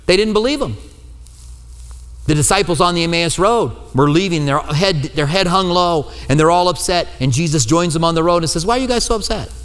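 A man preaching from the pulpit in a fairly high voice, his words trailing off into a long hall reverb. He tells the story in a lively way and acts out the people he quotes with a light humor. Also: normal speed. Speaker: pastor. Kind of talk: sermon.

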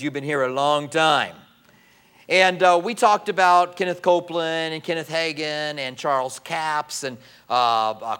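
Male pastor, middle-aged, lively conversational sermon delivery, a little high-pitched. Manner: conversational, animated Bible teaching with fillers.

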